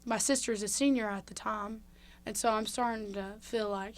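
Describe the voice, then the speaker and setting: A woman's voice: mid-range voice, fairly even intonation, moderate pace, a little hiss or hum. A young woman from Mississippi talks openly as a guest on a podcast. She tells her story in a candid, chatty way, full of fillers and restarts. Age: young adult. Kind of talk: casual interview.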